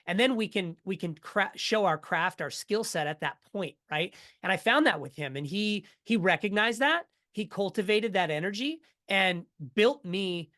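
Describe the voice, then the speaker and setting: Energetic man telling a story. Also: high voice, moderate pace, few pauses. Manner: energetic, animated storyteller who acts out quotes. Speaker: podcast guest. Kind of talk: storytelling in a casual interview.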